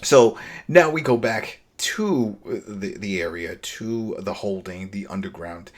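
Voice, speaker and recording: A man's voice: on the low side, takes it slowly. A man co-hosting a podcast, recapping a TV episode in casual chat and acting out the characters' lines. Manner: animated, acts out characters' lines mid-recap. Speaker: podcast co-host.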